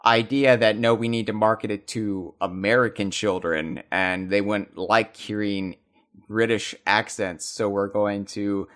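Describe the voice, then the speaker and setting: A man in casual podcast chat about video games, restarting his sentences often with animated asides. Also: lowish voice, measured pace. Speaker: podcast co-host.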